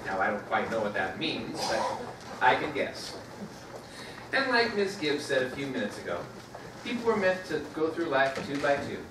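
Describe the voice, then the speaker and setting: A man playing a plainspoken small-town stage manager who talks straight to the audience in a live stage play. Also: on the high side. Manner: plainspoken, folksy, chatty asides to the audience. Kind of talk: live community stage acting. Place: theater stage. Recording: echoey theater from far off, noisy.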